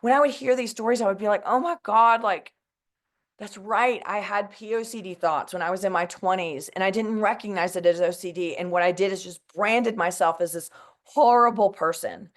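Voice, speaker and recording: A woman's voice: medium pitch, brisk. Woman in her 40s, emotional and teary, earnest advocate talking to a crowd, lots of "like" and "you know". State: emotional, close to tears. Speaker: mental health advocate. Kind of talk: heartfelt personal talk to an audience.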